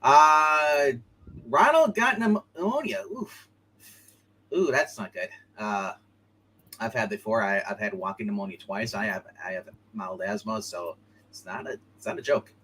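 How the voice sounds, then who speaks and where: A man hosting a live online comic book show, chatting casually and excitedly, laughing often and acting out lines from the panels. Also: lowish voice, slight background noise, poor audio. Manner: excitable, laughing, acts out comic lines in quick put-on voices. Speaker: podcast host.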